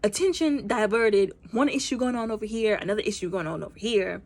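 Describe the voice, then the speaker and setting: A woman's voice: medium pitch, brisk. A woman giving a casual movie recap, chatty and informal, full of fillers and acted-out lines. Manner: chatty, many fillers, acts out characters' lines; informal speech with y'all. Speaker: movie reviewer.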